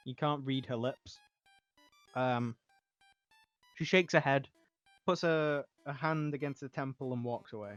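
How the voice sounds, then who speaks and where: A man's voice: medium pitch, unhurried, pauses often, no echo, faint music behind. A man narrating as game master of a tabletop game, hesitant, with lots of fillers. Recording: dull lo-fi sound.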